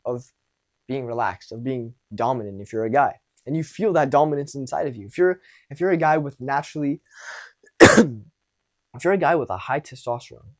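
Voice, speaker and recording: A man's voice: fairly high pitch, darkish tone. A young man coaching on dating and social skills in a casual monologue, blunt and profane, acting out exchanges as he talks.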